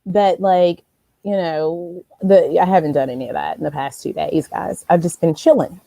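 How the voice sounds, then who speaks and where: A woman hosts a casual live stream, chatting loosely and calling out viewers' names as they arrive. Her voice is mellow and soft-edged. The sound is dry and close. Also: on the low side, steady tone, moderate pace, gravelly, no room sound. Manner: chatty, rambling, greets viewers by name.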